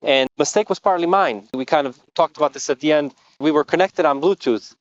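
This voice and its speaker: Man, motorcycle tour guide, earnest storyteller, mountain roadside, slightly higher voice, dry and muffled audio. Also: brisk, no room sound. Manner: earnest storytelling, explains carefully. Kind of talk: vlog narration. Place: outdoors on a mountain road.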